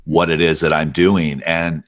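This is a storytelling interview in which a middle-aged Alabaman guest, his voice deep, rich, and radio-worthy, unwinds long tales. He keeps an easy, relaxed manner and a measured pace.

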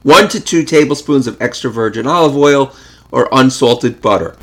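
A man hosting a casual podcast, chatting in a relaxed way and reading a recipe aloud. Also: mid-range voice, normal speed. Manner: relaxed, chatty, self-correcting. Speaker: podcast host.

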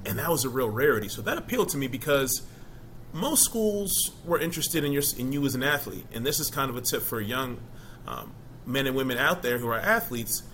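A middle-aged man, a former college football player, talking casually in an interview as an animated storyteller who keeps asking "you know?". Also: medium pitch, a little fast, slight background noise.

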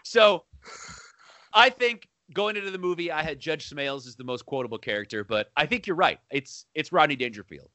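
A man's voice: a little high, expressive, moderate pace, sharp tone, dry recording. A man co-hosting a casual movie chat, enthusiastic and laughing often as he recounts favorite lines. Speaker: podcast co-host.

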